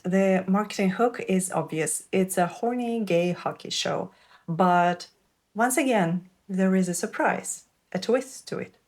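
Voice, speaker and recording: A woman with a medium-pitched, darkish voice comments on a show in a scripted video essay. Originally from Russia with Russian as her first language, she works as a TV show reviewer and English teacher, and her tone is wry, candid and enthusiastic.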